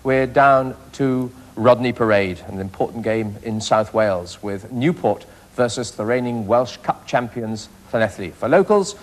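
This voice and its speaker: A middle-aged man presenting a rugby results programme in a brisk, clipped broadcast manner. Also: medium pitch. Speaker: studio presenter.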